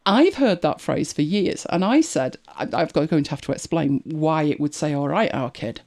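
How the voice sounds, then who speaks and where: Sitting low and slightly mellow, this woman's voice makes big swings in pitch at a moderate pace. She's the host of a live podcast out of Manchester, England, telling wry, chatty everyday tales with laughs in an English accent.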